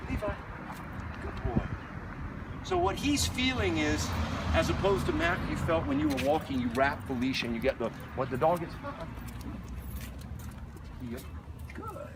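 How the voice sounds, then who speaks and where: Lively outdoor dog trainer, man. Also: a little high, fairly quick. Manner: explains while walking, breaks off to praise the dog in a light voice. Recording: distant mic, noisy outdoor.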